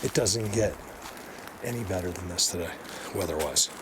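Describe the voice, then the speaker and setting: Excitable rambling man in a forest. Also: deep voice, moderate pace. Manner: rambling and excitable, drops to hushed tones. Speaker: bigfoot researcher vlogger. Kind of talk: casual walking vlog. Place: outdoors in a forest. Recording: outdoor ambient noise.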